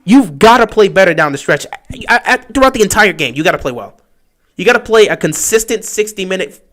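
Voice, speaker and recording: A man giving excitable fan play-by-play commentary on a livestream, talking straight to his team. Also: sits high, fairly quick.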